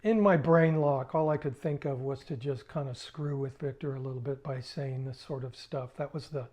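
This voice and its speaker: Older man telling a halting story. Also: medium pitch, a little mellow. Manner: halting, conversational, with restarts. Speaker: musician recalling his past. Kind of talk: casual spoken storytelling.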